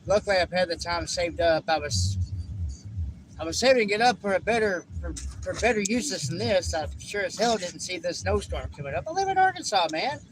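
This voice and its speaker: High-voiced rambling man. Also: expressive, moderate pace, background noise. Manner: rambling, swears casually, repeats himself. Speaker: livestreamer. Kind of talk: casual live stream chat.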